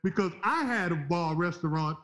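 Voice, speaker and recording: A former basketball player, telling a story with lively energy and jumping higher when he quotes himself. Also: normal speed. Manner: lively, jumps up in pitch when quoting himself. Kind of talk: animated storytelling on a talk show.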